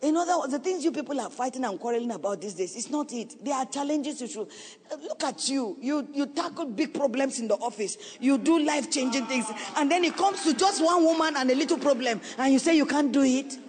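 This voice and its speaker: A middle-aged woman pastor preaches to her congregation, her words pleading and earnest. At times she drops to a hushed, slowed delivery before rising again. Her voice carries a long reverb through a big church hall. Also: high-pitched, expressive. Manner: earnest and pleading, with sudden drops to a soft, slow voice. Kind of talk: sermon. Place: church sanctuary.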